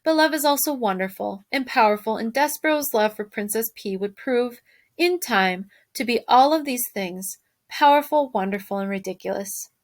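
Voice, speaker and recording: A woman teacher reading a storybook aloud to her class, expressive and stopping to ask them questions. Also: on the high side, moderate pace.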